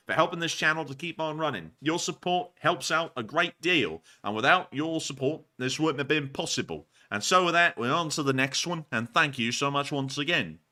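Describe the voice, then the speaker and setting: Bright-voiced chatty male host. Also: fairly high pitch. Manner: chatty, laughs easily, stock sign-off phrases. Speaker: livestream host. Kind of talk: casual livestream Q&A.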